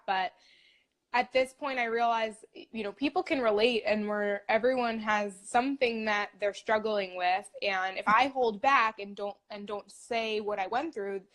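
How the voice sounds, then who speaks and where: A young woman in her twenties, a dietitian, talking about her path in a casual, upbeat interview, with lots of "like" fillers. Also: mid-range voice. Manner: chatty, upbeat, many "like" fillers.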